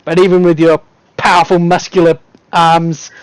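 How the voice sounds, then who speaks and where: A man's voice: a little high, little pitch movement, normal speed, no room sound, poor audio. A man running a tabletop game as game master, narrating vividly and casually, often breaking into laughs.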